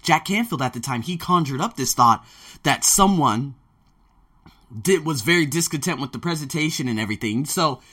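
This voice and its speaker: A man hosts a casual podcast monologue, his voice sitting a little high with a bright, forceful edge. He tells stories about his life as a teacher working abroad, acts out his own lines with energy and swears without holding back. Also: normal speed. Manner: animated storyteller who acts out his own quotes, swears freely. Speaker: podcast host.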